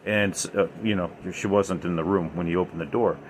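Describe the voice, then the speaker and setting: Rambling low-voiced male storyteller. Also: fairly even intonation, fairly quick, a little hiss or hum. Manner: rambling, emphatic, many fillers. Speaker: podcast host. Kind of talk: casual storytelling about the paranormal.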